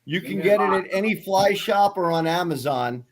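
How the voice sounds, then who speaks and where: A man, a fly fishing guide and author, chatting casually on a podcast in an animated, self-mocking way. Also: sits high, moderate pace, crowd noise.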